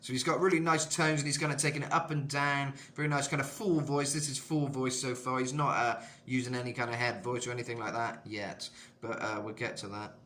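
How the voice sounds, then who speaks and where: A man with a slightly rough throat giving a casual, rambling singing tutorial as a vocal coach, full of "you know". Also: mid-range voice, fairly even intonation, brisk, few pauses, pushed and bright. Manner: rambling, lots of "you know", jumps into sung demos.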